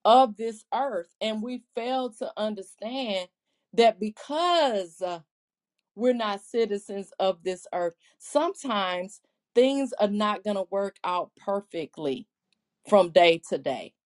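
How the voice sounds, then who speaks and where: A woman with a medium-pitched, expressive, slightly mellow voice co-hosts a casual faith podcast. She speaks earnestly, restarting her sentences haltingly and reading scripture aloud.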